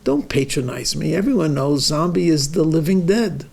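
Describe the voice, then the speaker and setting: A man voicing a stubborn husband who calmly insists he is a zombie, in a told joke. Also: fairly high pitch, moderate pace, creaky. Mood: insistent. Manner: calm, matter-of-fact insistence.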